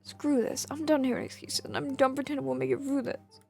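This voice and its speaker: A woman's voice: sits high, fairly even intonation, a little fast, creaky, warm tone, faint music behind, voice pushed up. A woman voicing an angry, bitter young man in an accusing, raised voice, reading game dialogue aloud.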